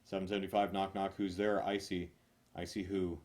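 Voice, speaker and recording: A man reading knock-knock jokes one after another, loud on the punchlines and mumbling his asides. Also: deep voice, level tone, a little fast. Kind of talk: rapid-fire joke reading.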